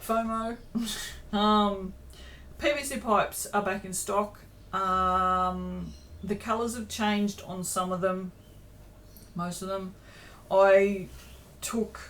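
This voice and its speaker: Woman, tired small-business vlogger, casual and rambling, average pitch, light background noise. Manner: chatty, self-deprecating, lots of ums and tangents. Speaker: small business owner updating viewers. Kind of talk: rambling casual chat to camera. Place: home craft room.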